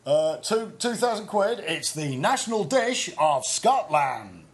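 A man's voice: high voice, sing-song, slow pace. A man hosting a comic improvised quiz bit on a podcast, bumbling and hesitant. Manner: bumbling, hesitant, often laughing. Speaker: podcast co-host playing quiz host.

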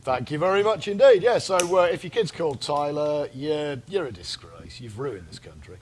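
High-voiced crude co-host. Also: male voice, lively intonation, darkish tone. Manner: quick-witted, crude, teasing. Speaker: podcast co-host. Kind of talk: casual comedic banter.

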